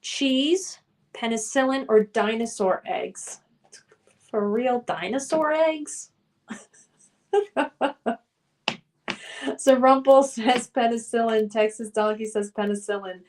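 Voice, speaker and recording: A woman's voice: on the high side, measured pace, a little mellow. A young woman hosting a trivia quiz on a live stream, chatting casually and reading out viewers' names and answers in a playful, sing-song way. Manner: chatty, reads chat names aloud, sing-song at times.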